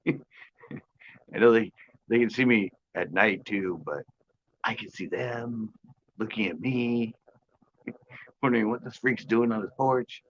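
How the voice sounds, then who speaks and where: A man with a lowish voice hosts a live fishing stream from his porch, reading comments and chatting casually with viewers. He jokes, gets sarcastic, and laughs often, speaking slowly with long pauses. The sound is lo-fi.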